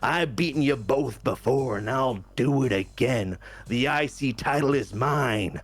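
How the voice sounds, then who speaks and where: A man putting on the voice of a manic, intense male wrestler who screams and grows louder and louder. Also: mid-range voice, measured pace, breathy edge. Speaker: game player.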